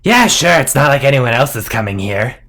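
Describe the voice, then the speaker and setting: A man's voice: medium pitch, sing-song, fairly quick, a bit bright. A man voicing the snake-headed tails of demonic cat-like guards, sounding languid and sometimes whispering. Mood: lazy.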